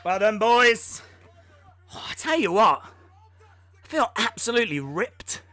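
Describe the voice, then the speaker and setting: Breathless, high-voiced man. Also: sing-song, takes it slowly, sharp tone, a little hiss or hum. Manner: jokey, self-mocking, chatty. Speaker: live stream host. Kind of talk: casual live reaction stream.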